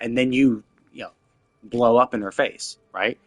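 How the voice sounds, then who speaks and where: A man's voice: medium pitch, steady tone, measured pace, long pauses, no room sound, faint music behind. A man streaming a game, ranting in a casual, exasperated way, with many restarts and fillers. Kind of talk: casual game commentary rant.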